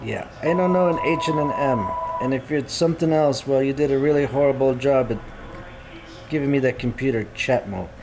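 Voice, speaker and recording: A man's voice: mid-range voice, a little fast, background noise. A man streaming a game live, chatting casually and thinking aloud as he sorts his gear and menus. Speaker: gaming streamer. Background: guitar music.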